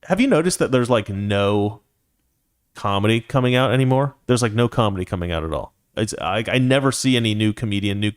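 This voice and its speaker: Indignant man ranting on his show. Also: fairly low pitch. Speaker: commentary show host. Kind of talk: political commentary monologue.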